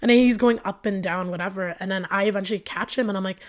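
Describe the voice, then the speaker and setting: A woman's voice: medium pitch, fast, hardly any pauses. A woman guest on a podcast telling a personal story in a casual, filler-heavy way, acting out the back-and-forth of arguments. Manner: emotional retelling that acts out both sides of arguments.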